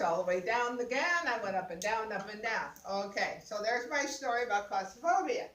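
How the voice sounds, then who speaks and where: Older woman, higher voice, animated storyteller, echoey room, mic set back. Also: brisk, hardly any pauses. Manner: laughing, exclaiming, acts out voices. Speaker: guest sharing a personal story. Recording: roomy sound, mic at a distance.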